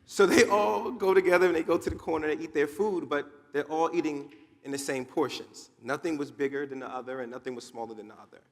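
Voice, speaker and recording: Man giving a booming keynote. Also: fast. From Newark, New Jersey, USA. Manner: dramatic storytelling, emphatic repetition. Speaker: motivational speaker. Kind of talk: motivational keynote speech. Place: large conference hall. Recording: long hall reverb.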